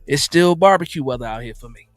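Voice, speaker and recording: A man's voice: medium pitch, expressive, fast, dry recording, soft background music. A man from New Jersey hosting a live-stream football talk show, chatting loosely, repeating himself and reacting to viewer messages. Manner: loose, repetitive, reads and answers chat.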